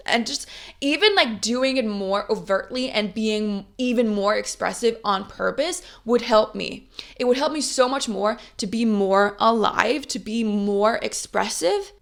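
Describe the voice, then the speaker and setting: Vocal-fry woman in her twenties giving a pep talk. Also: a little high, normal speed, a bit bright. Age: 20s. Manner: chatty, upbeat, pep-talking, swears casually. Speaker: vlogger, motivational talk. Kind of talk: casual motivational talk to camera.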